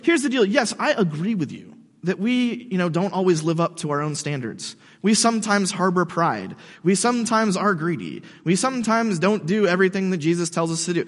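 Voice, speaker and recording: A man preaching casually to skeptics, slangy and animated, often calling the listener "dude". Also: high voice, fairly quick. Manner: slangy and animated, says "dude", restarts words. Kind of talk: casual sermon addressed to skeptics. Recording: long hall reverb.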